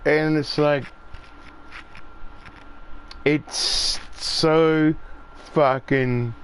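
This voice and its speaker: A man's voice: fairly high pitch, steady tone, very slow, smooth. An Australian man chatting casually on a gaming stream, rambling and swearing freely as he tells stories. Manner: swears freely, acts out voices when telling stories.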